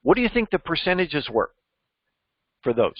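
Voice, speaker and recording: A man's voice: a little high, sing-song, moderate pace, husky, dry recording, muffled recording. A man mentoring a group on job interviews, emphatic and teacherly, quizzing his listeners as he goes. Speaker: cybersecurity mentor. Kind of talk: coaching discussion.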